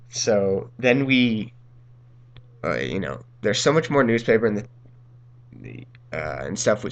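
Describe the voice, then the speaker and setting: A man's voice: lowish voice, dull audio. Rambling young man telling a story. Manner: rambling, full of ums and uhs, laughs through lines. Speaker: gaming channel host. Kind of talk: casual storytelling over gameplay.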